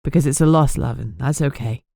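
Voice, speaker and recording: A woman voicing a fatherly man in an audiobook, murmuring softly and comfortingly. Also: a bass voice, fairly quick, gravelly, no echo, studio quality, exaggerated voice. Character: warm, fatherly man guarding a friend. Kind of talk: audiobook character voice.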